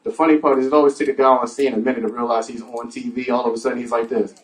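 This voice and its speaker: A man's voice: mid-range voice, flat delivery, racing. A man doing a stand-up comedy set on a club stage, crude and playful with the audience. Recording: distant mic with music behind.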